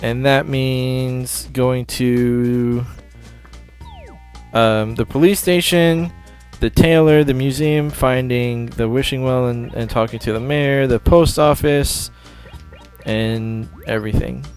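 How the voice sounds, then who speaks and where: A man's voice: mid-range voice, steady tone, slow, a little mellow. Offhand man commenting on a game. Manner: offhand, self-correcting. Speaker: gameplay commentator. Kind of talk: casual game demo commentary. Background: faint game music.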